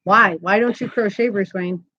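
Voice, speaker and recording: A woman's voice: mid-range voice, normal speed, sharp tone, highs cut off. Giggly woman, crochet live-stream host. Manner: chatty, giggly, reads viewer comments aloud. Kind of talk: casual live-stream chat. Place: home.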